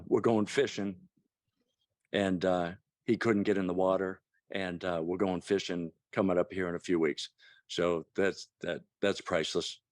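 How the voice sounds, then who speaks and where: A man in his sixties giving a casual testimonial on a call, halting with many fillers and restarts. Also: low voice, dry recording, clean studio sound. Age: 60s.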